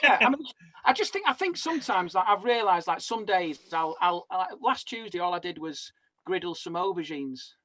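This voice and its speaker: A man's voice: high voice, lively intonation, normal speed, pushed and bright. A man in his forties, a comedian guest on a video call, rambling animatedly through self-mocking stories. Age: 40s. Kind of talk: casual chat.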